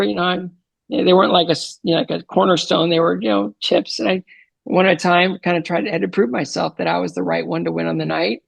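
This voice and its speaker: A man's voice: high-pitched, creaky, no room sound. A man in his fifties, a podcast guest, earnestly retelling his life story with many fillers and restarts. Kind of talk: storytelling interview answer.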